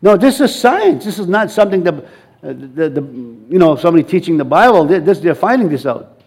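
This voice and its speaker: A middle-aged man preaching a sermon, animated and laughing often, repeating and restarting his phrases as he leads the congregation. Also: sits high, fairly quick, breathy edge.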